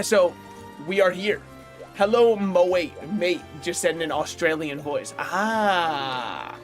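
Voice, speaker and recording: A gaming streamer chats casually while playing a video game, rambling, opinionated and chuckling often. His voice is a little high with a fairly bright tone.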